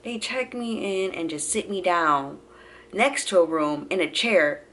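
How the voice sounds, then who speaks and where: A woman's voice: fairly low pitch, expressive, measured pace, a bit bright. A young adult woman telling a personal story casually to her viewers. She acts out the quotes and keeps calling the audience y'all. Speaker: vlogger.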